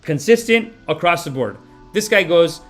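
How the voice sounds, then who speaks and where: A man in his thirties from Canada hosting a live-stream podcast of satirical commentary, profane and animated, swinging between loud outbursts and mumbled asides. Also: a little high, normal speed, faint music behind. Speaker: podcast host.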